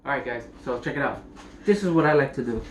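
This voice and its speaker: A young man talks through trimming and seasoning a brisket in his home kitchen, loose and jokey, with offhand swearing. His voice sits at a middling pitch for a man. Clear room ambience runs underneath. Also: animated, slight background noise. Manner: joking, rambling, swears casually. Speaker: home cook showing a brisket recipe. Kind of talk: casual cooking demonstration.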